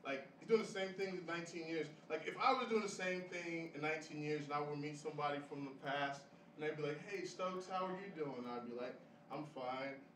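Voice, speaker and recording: Young male stand-up, loose and rambly, higher voice, distant mic in a noisy echoing café. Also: fast, a bit bright. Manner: rambling, filler-heavy delivery with frequent laughs at his own jokes. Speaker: stand-up comedian. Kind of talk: stand-up comedy set at an open mic. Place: small café open mic. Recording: roomy live café sound from a distant mic with audience noise.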